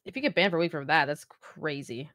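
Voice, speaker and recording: A woman's voice: deep voice, fast talker, fairly bright tone, no room sound, clean studio sound. A woman talking casually over a call with a streamer, hesitant and squeamish. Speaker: guest on call. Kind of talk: casual chat.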